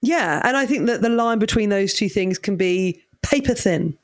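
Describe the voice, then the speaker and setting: Teasing woman with a lively voice. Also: mid-range voice, normal speed. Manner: dry, teasing quips. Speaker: podcast co-host. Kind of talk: casual comedic chat.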